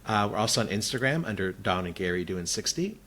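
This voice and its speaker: A man's voice: lowish voice, fast. A man in his sixties co-hosting a podcast, chatting casually and rambling with plenty of fillers. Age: 60s. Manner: relaxed, rambling with many fillers. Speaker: podcast co-host. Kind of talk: casual chat.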